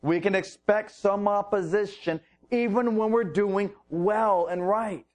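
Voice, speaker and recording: A male preacher with a rather high voice delivers a sermon. He moves slowly and deliberately, leaning on long pauses between phrases. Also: darkish tone. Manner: slow, deliberate Bible teaching with drawn-out pauses.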